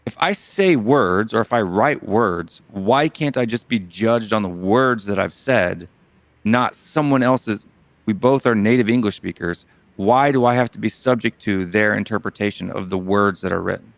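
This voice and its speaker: A man's voice: on the low side, normal speed, no room sound. Earnest southern man arguing his point. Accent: American Southern. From American South. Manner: earnest, argumentative, many restarts. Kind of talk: casual debate chat.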